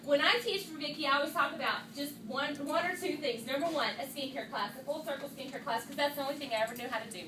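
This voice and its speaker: A woman giving a lively, chatty motivational talk to her team at a meeting, calling them y'all. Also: high voice, fast, few pauses, roomy sound, recorded from a distance, background noise. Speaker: sales director speaking to her team. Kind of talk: motivational talk to a live audience. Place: meeting room with an audience.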